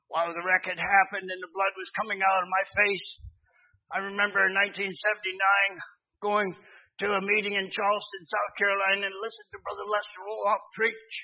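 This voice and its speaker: Male preacher, middle-aged, Pennsylvania accent, high voice, earnest testimony, muffled lo-fi recording. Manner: earnest storytelling, rising to fervent emphasis. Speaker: missionary preacher. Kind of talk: sermon testimony.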